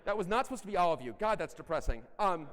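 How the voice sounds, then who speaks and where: A middle-aged man giving a conference talk, animated and blunt, with self-deprecating asides and occasional profanity. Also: high voice, fast talker. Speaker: conference speaker. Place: large conference hall. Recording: echoey hall.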